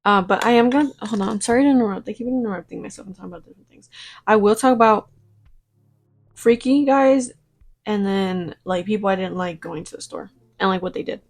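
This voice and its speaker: A woman's voice: medium pitch, fairly quick. Rambling young woman, swearing. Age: young adult. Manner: rambling, swears freely, mimics her own past replies. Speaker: vlogger. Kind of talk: get-ready-with-me storytime chat.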